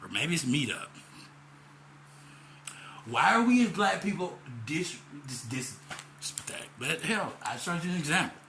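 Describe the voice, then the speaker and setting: A man rants to the camera in a rambling, angry monologue full of swearing. His voice is bright and forceful. A faint hum of ambience sits behind him. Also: fairly high pitch, very animated, normal speed, pauses often, reverberant. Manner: loud and heated in the second half. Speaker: vlogger. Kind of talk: ranting monologue.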